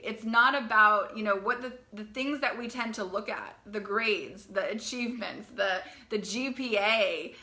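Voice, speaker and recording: A young woman coaching teen girls, talking in a live video to parents in a fast, chatty way, often repeating herself and asking "right?". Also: mid-range voice, pushed and bright.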